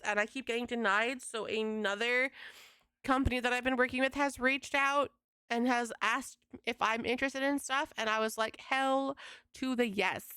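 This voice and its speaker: A young woman livestreaming from home, venting to her chat in a casual, exasperated rant with swearing and quick retellings of conversations. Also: a little high, bright, forceful tone, clean tone, no echo, studio quality. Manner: exasperated, swearing, quoting others in fast retelling. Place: home streaming setup.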